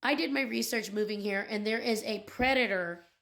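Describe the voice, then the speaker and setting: A woman's voice: on the high side, normal speed, a bit bright. A young adult woman, a mother, venting in an angry vlog rant, upset and indignant about her children's school. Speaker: parent.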